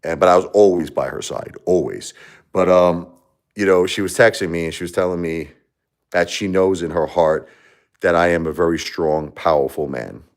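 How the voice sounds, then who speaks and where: Brief: middle-aged man, very low voice, rambling and heartfelt, hosting his own livestream. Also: normal speed. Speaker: livestream host. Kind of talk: casual livestream talk.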